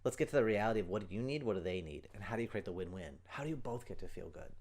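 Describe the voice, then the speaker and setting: An earnest middle-aged man talks through parenting stages on his own podcast. His voice sits fairly low, and he slips into short acted-out quotes to make a point. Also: animated, racing, darkish tone. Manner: earnest, explanatory, acts out quoted lines. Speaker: podcast host, parenting coach. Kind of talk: solo podcast talk.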